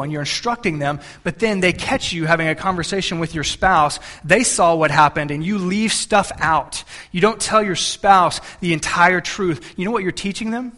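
A man's voice: sits high, moderate pace, sharp tone. A man in his thirties, a pastor delivering a sermon in an earnest, conversational way with frequent restarts.

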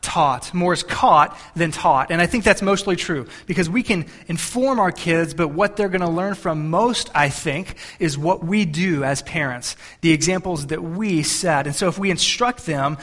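A man's voice: a little high, moderate pace, few pauses, a bit bright. A man in his thirties, a pastor delivering a sermon in an earnest, conversational way with frequent restarts.

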